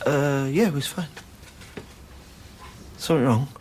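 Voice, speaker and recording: A man's voice: medium pitch, measured pace, a little mellow, slight background noise, lightly acted. A man playing a nervous young man who is caught lying, hesitant and stammering in a TV drama. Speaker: soap opera character. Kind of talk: TV drama acting.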